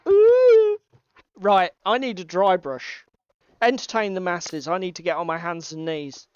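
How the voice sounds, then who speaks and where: A man's voice: sits high, normal speed, clean tone, dry recording, highs cut off. A man co-hosting a casual livestream chat, rambling, swearing often and laughing. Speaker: co-host.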